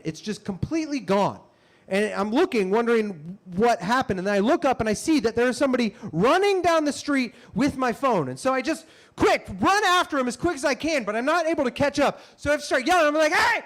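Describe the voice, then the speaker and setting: Animated man telling a stand-up story. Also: extremely high pitch. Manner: animated, swings to loud shouted bits. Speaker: comedian.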